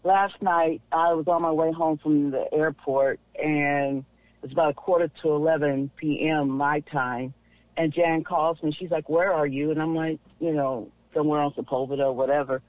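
A man's voice: fairly high pitch, steady tone, measured pace, no echo. Chatty man on a tinny phone line. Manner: chatty storyteller, laughs easily. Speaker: caller. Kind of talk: casual call-in chat.

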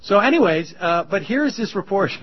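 A male radio host from Massachusetts, giving mocking political commentary that is energetic and gets loud. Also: high voice, moderate pace, breathy edge. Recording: dull lo-fi radio clip.

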